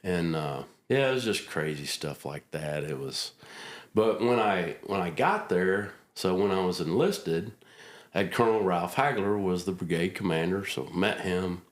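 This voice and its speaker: A middle-aged man, a retired army helicopter pilot, telling stories in a casual, folksy interview. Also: sits low. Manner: folksy anecdotal storyteller, acts out quotes. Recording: roomy echo.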